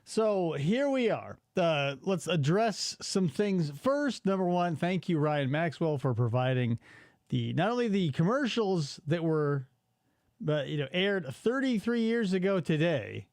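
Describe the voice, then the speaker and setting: A man in his forties hosting a casual podcast, ranting in an exasperated, animated way and swearing freely. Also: high voice, unhurried, no room sound, studio quality. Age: 40s. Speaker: podcast host.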